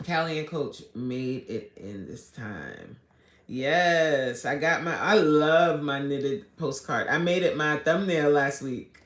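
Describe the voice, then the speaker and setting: A woman's voice: low-pitched, expressive, takes it slowly. A fitness coach, chatting casually on a live stream as she reads viewer comments and answers them. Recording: echoey room.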